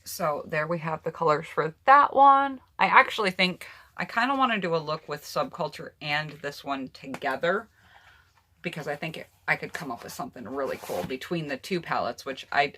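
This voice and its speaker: A woman's voice: low-pitched, normal speed, pushed and bright, a little hiss or hum. A woman beauty vlogger chatting casually through her eyeshadow palettes and talking straight to her viewers. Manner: chatty, personal opinions, addresses viewers directly. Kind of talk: casual makeup palette review.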